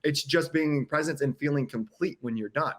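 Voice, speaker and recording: A man's voice: on the high side, fairly bright tone. A man talking as a podcast guest, candid and earnest, often restarting his sentences and acting out what others said. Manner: earnest, halting, many restarts, acts out quotes. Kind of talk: candid conversational sharing.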